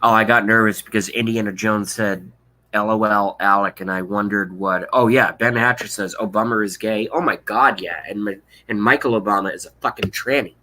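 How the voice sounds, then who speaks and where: A man in his thirties rants on a live stream, blunt, sarcastic and profane. His voice sits low but cuts through with a sharp, forceful edge. He reacts to chat comments as they come in. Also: a little fast, hardly any pauses. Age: 30s. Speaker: political vlogger.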